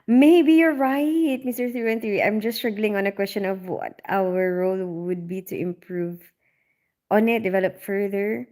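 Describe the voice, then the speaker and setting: Casual woman streamer, giggly and chatty, talks to her chat. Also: medium pitch. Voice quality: loud on calls. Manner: chatty, giggly, reads comments aloud. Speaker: livestream host reading viewer comments.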